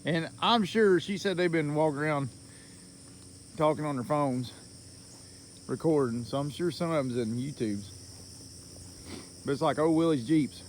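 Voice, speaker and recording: A man's voice: on the high side, moderate pace, pauses often, slight background noise. A man talking casually in a vlog about his mill work, rambling and folksy, chuckling often. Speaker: logger and mill worker vlogger.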